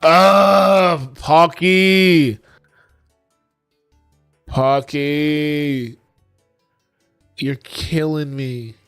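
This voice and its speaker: A man's voice: fairly high pitch, a bit bright, clear, resonant tone, dry recording, clean studio sound. A man streaming his game coding in casual talk, exasperated, swearing often and talking to his chat.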